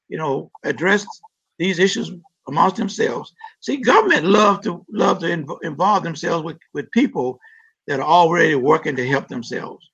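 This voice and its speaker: Gravelly, husky man with lo-fi sound. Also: on the high side, a bit bright. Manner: earnest and emphatic, often repeats words as he builds a point. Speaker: city council member guest. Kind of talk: interview answers about community issues. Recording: dull lo-fi live-stream audio.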